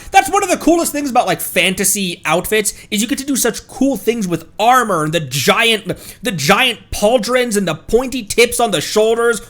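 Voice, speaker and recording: A man giving casual livestream reaction commentary, rambling and hesitant with many restarts and bursts of excitement. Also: high voice, unhurried. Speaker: streamer.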